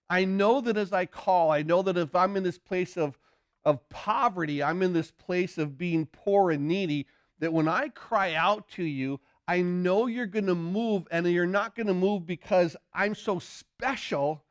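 A man preaching a sermon, earnest, often repeating words as he builds a point, and slowing down to read scripture aloud. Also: sits high, no room sound, studio quality. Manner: reads scripture slowly and deliberately. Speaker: pastor.

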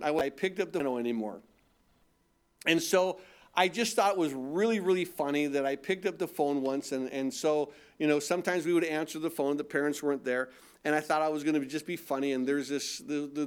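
A middle-aged man preaching a sermon in a conversational way, asking rhetorical questions and often repeating words. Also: on the high side. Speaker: pastor.

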